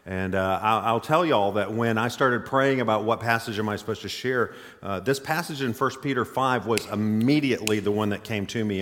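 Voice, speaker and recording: A man with a faint Southern accent preaching as a guest, easygoing and chatty with lots of "uh" fillers. His voice sits a little low. It carries a long echo around the church hall. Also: fairly bright tone. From Mississippi. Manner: folksy, chatty, with frequent "uh" fillers. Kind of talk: sermon. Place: church sanctuary.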